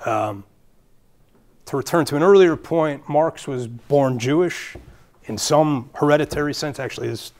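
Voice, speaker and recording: A man's voice: fairly high pitch, a little slow, darkish tone. A man with a Brooklyn accent giving a public lecture as a guest speaker, earnest and thinking aloud with fillers and restarts.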